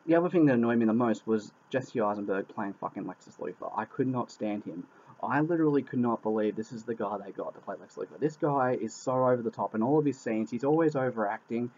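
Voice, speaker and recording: A man's voice: mid-range voice, darkish tone. Frustrated guy ranting about a movie, cursing and repeating himself, muffled lo-fi audio. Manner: exasperated, swears a lot, repeats himself. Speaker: movie reviewer. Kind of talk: casual spoken film review. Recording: dull lo-fi recording.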